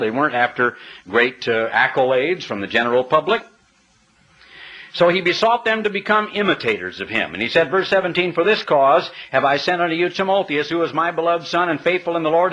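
Male preacher, sermon, animated pitch, slightly high voice, dull old recording. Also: breathy edge. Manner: emphatic, rhetorical questions, spells out words.

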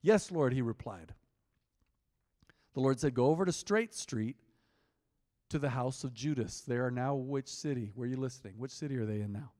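Animated preacher in an echoing hall. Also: male voice, mid-range voice, normal speed, pauses often. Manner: animated, teasing, quizzes the congregation. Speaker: pastor. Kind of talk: interactive sermon, reading scripture aloud. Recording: long hall reverb.

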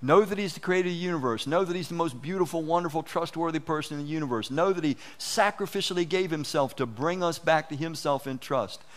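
Talking fast with hardly any pauses, a preacher gives a folksy, conversational sermon. He's animated, often restarts his words, and acts out inner voices. His voice runs a little high.

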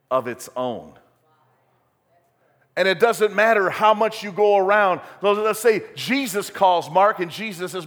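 A man preaching in a church sanctuary, his fairly high voice trailing off into a long hall reverb. He tells homespun stories in a folksy way and then climbs into emphatic bursts. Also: fairly bright tone. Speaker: pastor. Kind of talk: sermon.

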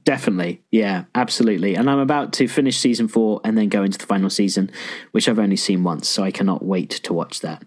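A man co-hosting a casual podcast, recapping episodes with excited jumps up in pitch and plenty of swearing. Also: fast. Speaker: podcast co-host.

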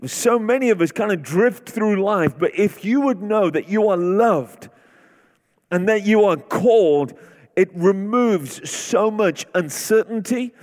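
A man's voice: high voice, animated, unhurried, a little mellow. A man preaching a sermon as guest preacher, repeating short declarations that build in intensity. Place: large church sanctuary. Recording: long reverb of a large hall.

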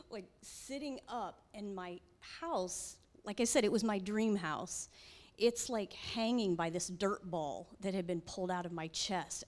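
A middle-aged woman, a pastor's wife, telling a personal testimony in a halting, emotional way with many fillers. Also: medium pitch.

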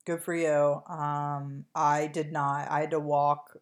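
A woman with a notably low voice and a non-native English accent chats on her podcast. She rambles loosely, full of ums and likes, slipping in deadpan jokes. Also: slow pace. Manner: rambling, filler-heavy, joking. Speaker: podcast co-host. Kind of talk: casual chat.

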